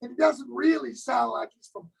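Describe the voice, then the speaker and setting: A man in his sixties tells stories as an interview guest. His voice sits very high and has a husky, gravelly grain. He is lively and acts out the lines of the people in his stories. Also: normal speed, poor audio. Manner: animated storyteller who acts out other people's lines. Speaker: guest drummer. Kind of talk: casual storytelling interview.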